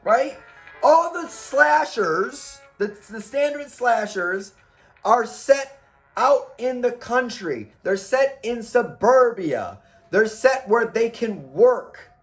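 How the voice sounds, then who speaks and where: A man's voice: extremely high pitch, slow, faint music behind. A man reviewing horror movies in a casual, argumentative monologue, full of rhetorical questions and the odd curse. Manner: animated, rhetorical questions, profane.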